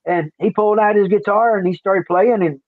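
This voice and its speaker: High-voiced older man on a tinny line. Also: steady tone, brisk, dry recording. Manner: rambling, folksy, repeats himself. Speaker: livestream host. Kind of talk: casual chat. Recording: dry, tinny phone-like line.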